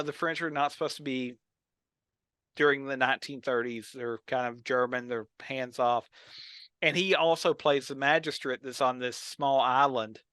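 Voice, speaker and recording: Bright-voiced man telling animated stories. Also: fairly high pitch, dry recording. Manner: animated storyteller, acts out quotes. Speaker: podcast co-host. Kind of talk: casual chat about old films and TV.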